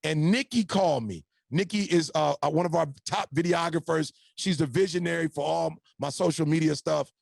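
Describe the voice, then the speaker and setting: High, gravelly man preaching motivation. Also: fairly quick, hardly any pauses, no room sound. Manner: preacher-like, punchy, addresses the audience as y'all. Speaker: motivational speaker, podcast guest. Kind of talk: emphatic motivational storytelling.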